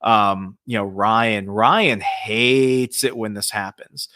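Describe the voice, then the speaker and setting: This podcast guest speaks slowly in a lowish male voice, with studio quality and no echo. His ghost stories are relaxed and full of profanity, and he animates them by voicing what the people in them said.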